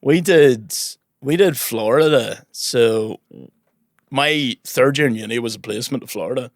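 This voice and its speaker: A man's voice: medium pitch, unhurried, vocal fry, no echo, clean studio sound. A young man, a comedian guest, chatting casually and laughing often as he tells a story.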